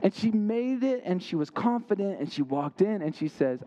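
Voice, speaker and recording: A man's voice: sits high, lively intonation, normal speed, hardly any pauses, warm tone, muffled recording. A young man giving an interactive sermon, quizzing his listeners and making playful asides. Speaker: youth camp speaker.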